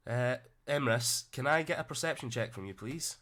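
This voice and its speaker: A man narrating as game master of a tabletop game, relaxed and sweary, with plenty of fillers. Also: medium pitch, moderate pace.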